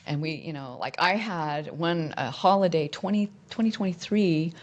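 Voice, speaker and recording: Low-voiced woman telling her story. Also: moderate pace, highs cut off. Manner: candid, rambling, with many restarts. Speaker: musician guest. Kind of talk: casual interview storytelling.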